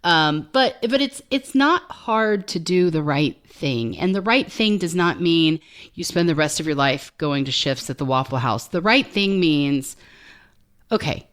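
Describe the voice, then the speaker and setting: Woman, very low voice, frank casual podcast talk, swears freely. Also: fairly bright tone. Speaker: podcast co-host.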